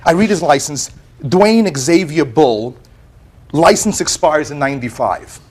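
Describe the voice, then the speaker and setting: Animated American man telling his story. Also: on the high side, unhurried, crowd noise. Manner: animated storytelling with repeated words and quoted voices. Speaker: plaintiff. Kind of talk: courtroom testimony.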